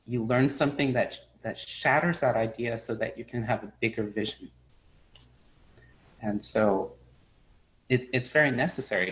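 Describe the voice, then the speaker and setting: A middle-aged man giving a spoken Buddhist dharma talk, an animated storyteller who acts out his characters' lines. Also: medium pitch, low-quality recording. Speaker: Buddhist teacher.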